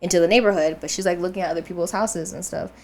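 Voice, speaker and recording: A young woman co-hosting a podcast speaks very fast in a fairly low voice, recounting a dream in casual conversation. She's an animated storyteller who acts out the voices of the people in it and laughs often.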